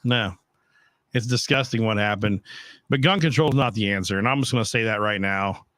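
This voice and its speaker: A man's voice: on the low side, brisk, a bit bright, no room sound, studio quality. A middle-aged man hosting a casual home podcast, talking bluntly with a lot of profanity and rambling asides. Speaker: podcast host. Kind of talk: casual chat.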